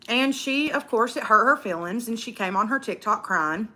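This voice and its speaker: A woman's voice: fairly high pitch, lively intonation, normal speed, hardly any pauses, pushed and bright. A young woman hosting a casual eating livestream, outspoken and profane, ranting and reading viewer comments aloud. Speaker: livestream host.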